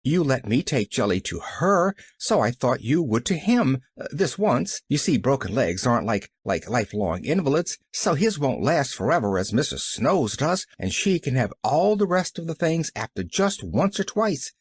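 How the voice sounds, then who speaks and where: A man's voice: medium pitch, very animated, normal speed, few pauses, husky, no room sound. A man voicing an eager, cheerful little girl who rambles breathlessly.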